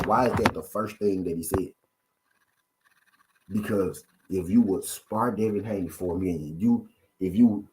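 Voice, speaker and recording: Brief: low, mellow male host, casual boxing rant, keeps pressing viewers with questions. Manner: repetitive, full of rhetorical questions to viewers. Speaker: boxing commentary channel host.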